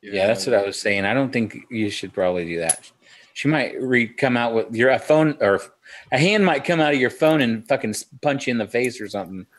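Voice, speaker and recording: A man in a casual group chat, animated and teasing, swearing for emphasis. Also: mid-range voice, a little fast.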